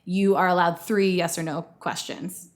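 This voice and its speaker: A woman's voice: lowish voice, fairly even intonation. Chatty woman podcast co-host. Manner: chatty, fast, laughs often. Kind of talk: casual podcast chat.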